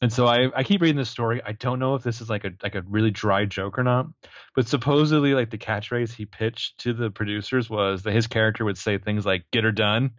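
A man co-hosting a podcast in casual chat, chatty and quick to laugh. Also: lowish voice, no room sound, dull audio. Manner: chatty, laughs easily, jokey voices. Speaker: podcast co-host.

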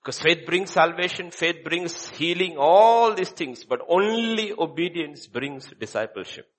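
Pastor guy preaching in church, kinda high voice, goes quiet then loud, repeats lines. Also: animated, measured pace. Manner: emphatic preaching with wide swings in volume, from hushed to loud; repeats short phrases for effect. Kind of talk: sermon.

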